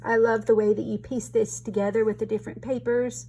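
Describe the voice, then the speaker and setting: A woman, hosting a casual craft show-and-tell, gushing over pieces and halting through restarts, her voice choked and tearful. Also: fairly high pitch, little pitch movement, dark tone, slightly rough. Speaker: craft channel host.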